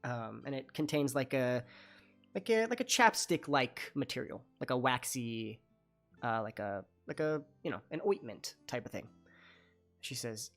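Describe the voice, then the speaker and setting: A man's voice: mid-range voice, expressive, a little slow, a bit bright, faint music behind. A man narrating a tabletop game as dungeon master, loose and full of fillers.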